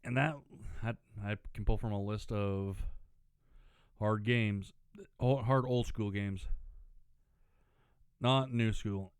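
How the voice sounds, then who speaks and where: A man talks over a game in a loose, rambling, chatty way, stopping often to clear his throat. His throat is dry, so his voice sits a little lower than usual, yet it stays smooth and clear. The sound is close and dry, with no room echo. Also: fairly even intonation, slow pace, pauses often. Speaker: gaming channel host. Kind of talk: casual gameplay commentary.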